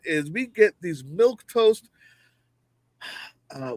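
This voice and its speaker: A man with a high voice delivers a fiery, profane political rant over a video call. He mocks opponents and fires off rhetorical questions. The sound is dry and close, with no room around him. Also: lively intonation, takes it slowly, pauses often, fairly bright tone, no echo, low-quality recording. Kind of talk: heated political commentary.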